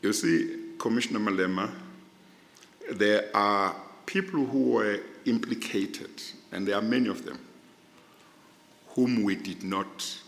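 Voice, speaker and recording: A man in his sixties, a judge being interviewed, explaining in a formal, deliberate way and restating his points. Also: on the low side, gravelly, a bit bright, a little hiss or hum. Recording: long reverb in a large hall.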